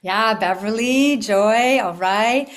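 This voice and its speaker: A middle-aged woman from the United States hosting a live spiritual retreat talk, telling a story with upbeat invitations and soft, hushed stretches. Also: medium pitch, slow pace. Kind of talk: live online talk to a group.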